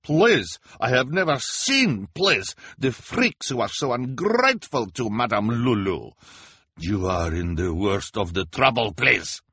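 A man's voice: medium pitch, big pitch swings, unhurried, slightly rough, dry recording, pitched above the performer's own voice, heavily acted. Storybook figure: man voicing a shrieking, bad-tempered carnival fortune-teller woman with an odd accent and bossy manner. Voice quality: odd foreign-sounding broken speech. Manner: bossy and shouting.

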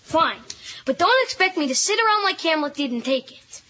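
A woman's voice: very high-pitched, very animated, moderate pace, sharp tone, heavily acted. A woman voicing a cocky, scheming schoolboy who talks in smug wisecracks.

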